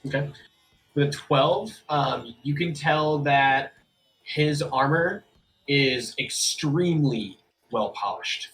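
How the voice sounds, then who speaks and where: A man running a tabletop game as game master, talking in a relaxed way with many fillers. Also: fairly high pitch, slow pace, rough recording.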